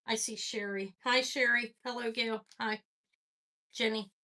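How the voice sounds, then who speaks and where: A woman's voice: a little high, steady tone, a little slow, bright, forceful tone. A woman hosting a live jewelry sale stream, chatting casually and rambling as she greets viewers by name.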